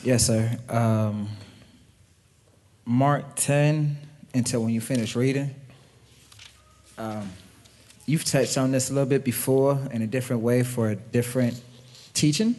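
A man speaking from the congregation in an ordinary mid-pitched voice. He asks his question slowly and haltingly, restarting as he looks for the right words. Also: warm tone. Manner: hesitant, restarts, searching for words. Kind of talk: casual question from the floor.

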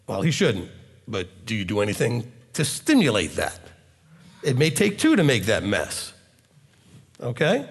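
Rabbi guy teaching, bouncy up and down voice, acts out little arguments, big reverby hall. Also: a little high. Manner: animated, acts out dialogue, rhetorical questions. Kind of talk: teaching sermon with questions.

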